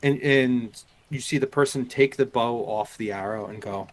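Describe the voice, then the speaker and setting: A man's voice: medium pitch, moderate pace, hardly any pauses. A man narrating as game master in a live tabletop game, in a loose, filler-heavy way.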